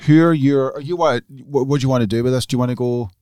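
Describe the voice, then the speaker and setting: A man co-hosting a golf podcast, talking casually and excitedly, restarting and repeating words as he goes. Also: mid-range voice, quick pace, smooth, dry recording. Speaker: podcast co-host.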